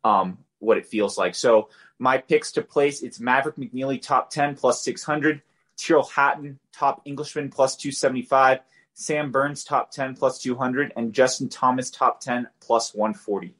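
A man's voice: mid-range voice, fairly even intonation, moderate pace, a bit bright. Casual man talking golf picks. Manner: conversational, loose, filler-heavy, self-correcting. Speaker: podcast co-host, golf betting analyst. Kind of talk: casual betting picks talk.

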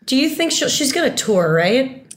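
A woman guesting on a podcast, chatty and bubbly, talking in quick run-on sentences. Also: sits high, big pitch swings. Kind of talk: casual podcast chat.

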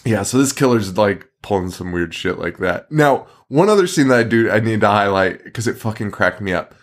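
A man's voice: on the low side, expressive, moderate pace. A man co-hosting a horror film podcast, telling the story in a loose, profane, laughing way. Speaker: podcast co-host. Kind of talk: casual film podcast chat.

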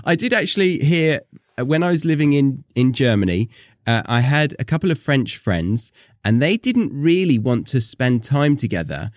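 A man's voice: mid-range voice, big pitch swings, normal speed, no echo, clean studio sound. Easygoing male podcast host. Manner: easygoing, asks questions and reads out listener questions. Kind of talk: casual podcast interview.

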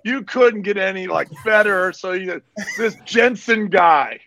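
High-voiced, boisterous male tennis coach. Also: a little slow, vocal fry, sharp tone. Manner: self-mocking, boisterous.

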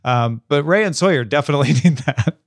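A man co-hosting a book podcast in a relaxed, jokey chat, laughing often. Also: on the high side, a little fast, no room sound, studio quality. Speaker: podcast co-host. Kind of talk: casual chat.

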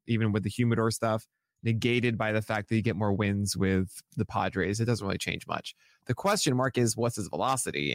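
A man co-hosting a podcast in casual, enthusiastic chat, his pitch swinging widely as he gets excited. The voice sits close and dry, with no room sound around it. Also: no room sound. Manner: animated, enthusiastic, jokey. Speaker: podcast co-host, fantasy baseball analyst.

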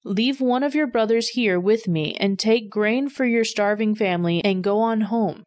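A woman's voice: mid-range voice, moderate pace, darkish tone, no echo, clean studio sound, close to an everyday voice. A woman reading the lines of a group of worried adult brothers, in a plain read-aloud delivery. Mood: reporting.

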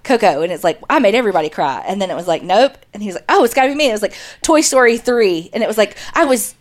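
A woman with a drawl co-hosts a casual chat podcast. She tells stories animatedly, slipping into silly voices and swearing freely, at an ordinary middle pitch. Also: lively intonation, fast talker. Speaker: podcast co-host.

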